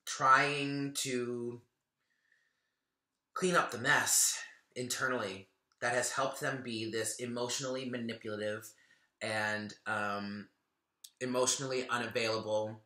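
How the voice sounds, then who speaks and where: A man's voice: medium pitch, bright, forceful tone, roomy sound. A man giving a casual tarot reading, chatty and earnest, thinking aloud as he goes. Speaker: tarot reader.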